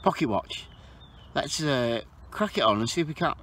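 A man's voice: normal speed, a little hiss or hum. Chatty man detecting in a field. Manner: chatty, excitable, pitch jumps when surprised. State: out of breath. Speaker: metal detecting vlogger. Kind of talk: casual outdoor commentary to camera. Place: open field outdoors.

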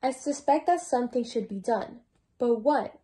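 A woman's voice: fairly high pitch, normal speed, mellow, lightly acted. A teenage girl reading the lines of a mild, thoughtful male bear in a children's storybook. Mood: gentle.

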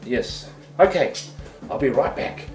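A man's voice: mid-range voice, expressive, unhurried, darkish tone, echoey room, faint music behind. A man with a New Zealand accent hosting a goofy comedic cooking show from his home kitchen, full of playful sing-song exclamations.

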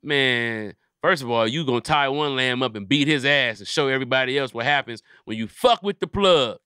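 A man's voice: mid-range voice, normal speed, pushed and bright, clear, resonant tone, dry recording, clean studio sound. A man hosting a comedy podcast, riffing in casual profane chat and acting out little scenes.

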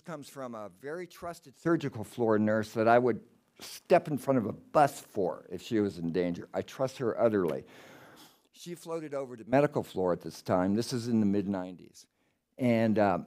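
Rambling middle-aged man telling ghost stories. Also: mid-range voice. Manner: rambling, digressive and chatty, going off on tangents; animated, swinging between loud excitement and quiet hushed tellings. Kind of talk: casual storytelling talk.

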